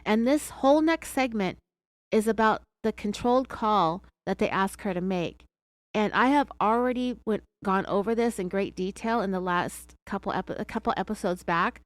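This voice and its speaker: A woman's voice: medium pitch, moderate pace, no room sound. A woman with an American accent hosting a true crime podcast, telling the story in a sarcastic, chatty way. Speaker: podcast host.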